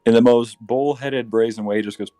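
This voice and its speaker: A man narrating as game master in a tabletop game, relaxed, with frequent fillers and self-corrections. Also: mid-range voice, brisk, no room sound, faint music behind.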